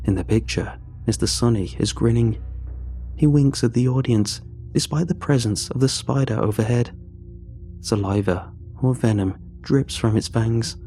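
A man narrating a first-person horror story in a measured, suspenseful reading. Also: medium pitch, warm tone, faint music behind.

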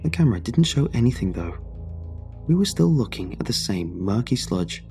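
A man narrating a scripted horror story in a measured, dramatic way. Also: medium pitch, sing-song, dark tone, soft background music.

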